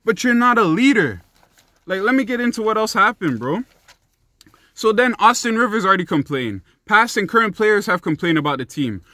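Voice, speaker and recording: A young man rants about sports in a heated, swearing vlog voice. His voice sits high and sounds bright and forceful. The recording is dry and close. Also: very animated, moderate pace, no echo. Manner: profane, heated and emphatic. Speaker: sports commentary vlogger. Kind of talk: ranting sports commentary.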